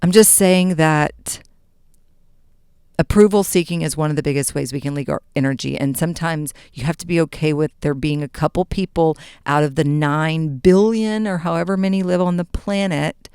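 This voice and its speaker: A woman hosting a podcast, giving an animated motivational talk with playful, mock-dramatic asides. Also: sits low, moderate pace, clean tone, no room sound, studio quality. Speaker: podcast host. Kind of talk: motivational monologue.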